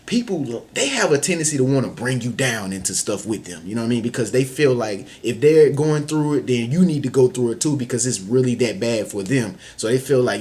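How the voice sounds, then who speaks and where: Here an advice vlogger gives a casual motivational talk to camera, his mid-range voice animated, a little mellow and breathy, moving a bit fast with few pauses. He keeps it slangy, repeats "you know what I'm saying," and voices other characters in small acted-out scenes.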